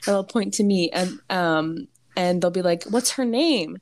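A woman's voice: fairly low pitch, a little slow, darkish tone, slight background noise. A young woman co-hosting a podcast, telling a family story in a rambling way, full of fillers and laughter. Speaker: podcast co-host. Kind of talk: casual chat.

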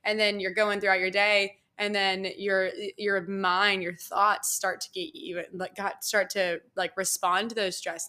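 A bright, clear-toned young woman tells a personal story on her podcast. Her talk is loose and chatty, packed with "like" and "you know," and she acts out the dialogue as she goes. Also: medium pitch. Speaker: podcast host. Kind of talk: casual storytelling monologue.

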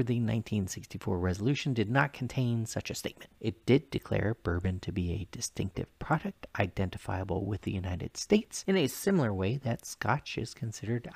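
A man's voice: on the low side, vocal fry, a little mellow, husky, no echo. A man hosting a podcast, talking casually and breaking off for joking asides. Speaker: podcast host. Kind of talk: casual chat.

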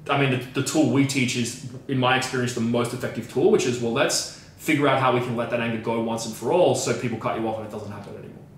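A man's voice: medium pitch, fairly even intonation, quick pace. A man co-hosting a podcast as a coach, talking emphatically with frequent swearing and repeated phrases. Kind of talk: casual podcast discussion. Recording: very echoey room, mic at a distance, faint noise.

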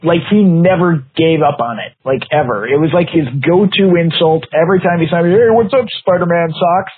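A man in his fifties tells a rambling story in casual podcast chat, full of fillers and easy laughter. His voice is slightly higher than most men's and a bit husky. The audio is thin and narrow, like a phone line. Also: a little fast. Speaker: podcast co-host.

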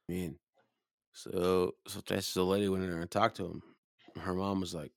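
A drunk man on a podcast with a low, gravelly voice that swings up and down as he tells a story. He swears constantly and rambles. The sound is dry and close. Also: lively intonation, moderate pace, no room sound. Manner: profane, loud, rambling, acts out the people in his stories. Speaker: podcast co-host.

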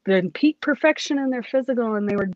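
A woman's voice: a little high, a little fast, no room sound, muffled recording. A woman, a police academy cadet, tells her personal testimony in an earnest, emotional way, often restarting her sentences.

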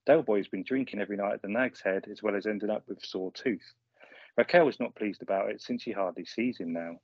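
Male podcast co-host, low-pitched, husky, chatty recapper, dry muffled recording. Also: brisk, dry recording. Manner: chatty, chuckles often. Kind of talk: casual chat recapping a sitcom episode. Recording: slightly muffled lo-fi audio.

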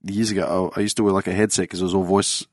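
A man's voice: deep voice, little pitch movement, very fast, no room sound, studio quality. An Australian man hosting a podcast, telling laid-back stories with casual swearing. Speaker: podcast host. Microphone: studio mic.

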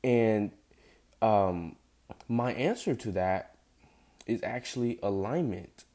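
A man's voice: on the low side, slow pace, dark tone. A young man hosting a solo podcast who has just woken up and sounds groggy, rambling with many fillers and emphatic repetition. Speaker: podcast host. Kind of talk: casual solo podcast monologue.

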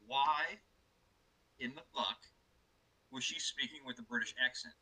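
Male comedy-podcast co-host, forceful, bright tone, dry close mic, mock outrage. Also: mid-range voice, unhurried, breathy edge, dry recording, low-quality recording. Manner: animated, profane, mock-outraged. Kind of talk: casual comedic chat.

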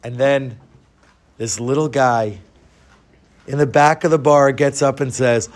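A man telling a comic story in a dramatic way, dropping to a hush for suspense. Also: medium pitch, steady tone, unhurried, pauses often. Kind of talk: told joke story.

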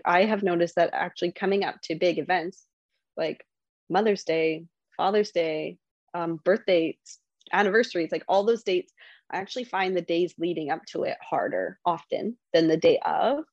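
Thirties woman, low gravelly voice, candid reflective guest, dry dull recording. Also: a little mellow, no echo. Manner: reflective, many fillers and restarts. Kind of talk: candid conversational interview.

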